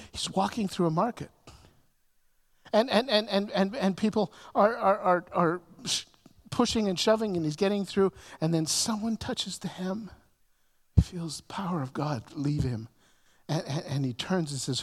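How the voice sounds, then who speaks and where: A man preaching a sermon, stumbling over repeated words, swinging from emphatic surges to quiet, gentle stretches. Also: high-pitched. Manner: repetitive restarts, rising to emphatic peaks then dropping soft. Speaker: pastor. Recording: long hall reverb.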